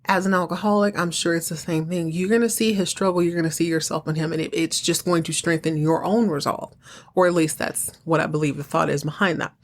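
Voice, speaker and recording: A woman hosts a podcast and recaps a TV episode as a comic story. She talks in an animated, chatty way and laughs often. Her voice sits somewhat low. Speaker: podcast host.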